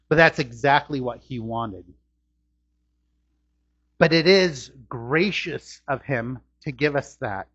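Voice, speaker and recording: A man preaches a sermon from a church, his husky voice swinging widely in pitch and climbing on his rhetorical questions. The recording sounds dull and lo-fi. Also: fairly bright tone. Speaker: pastor. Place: church sanctuary.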